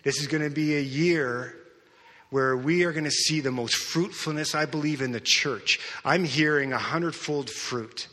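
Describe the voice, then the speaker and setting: A man's voice: fairly high pitch, normal speed, pushed and bright. A middle-aged man, a pastor, preaching a sermon in a conversational storytelling way. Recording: long hall reverb.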